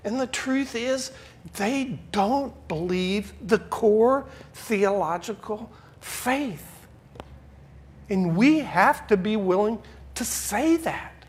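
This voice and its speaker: Male pastor, preaching, emphatic with soft asides. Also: high-pitched, expressive, slow, slightly rough. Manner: swings from loud emphatic preaching to quiet asides. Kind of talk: sermon.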